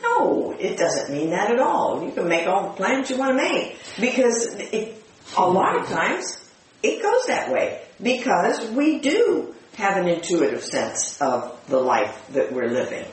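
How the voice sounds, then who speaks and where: A woman's voice: mid-range voice, big pitch swings, a little slow. A woman speaking thoughtfully in a reflective spiritual group discussion, explaining her ideas. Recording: echoey room, distant mic, faint hiss.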